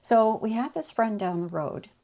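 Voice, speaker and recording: A woman's voice: on the high side, normal speed, vocal fry, a little mellow. A woman telling personal travel stories in a chatty, anecdotal way. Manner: chatty, anecdotal, acts out quoted people. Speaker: channel host. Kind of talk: casual personal storytelling.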